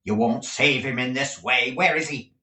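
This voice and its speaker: A man's voice: mid-range voice, normal speed, roomy sound, far from the mic, voice pushed up, lightly acted. A man voicing a blustering, cruel middle-aged schoolmaster who barks and sneers. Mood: bullying. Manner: bullying, sneering, loud barks.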